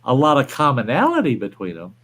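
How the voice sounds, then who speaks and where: A man's voice: medium pitch, huge pitch swings, a little fast, a bit bright. A man hosting a livestream, chatting casually, rambling and reading viewer comments aloud. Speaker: livestream host. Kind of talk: casual chat.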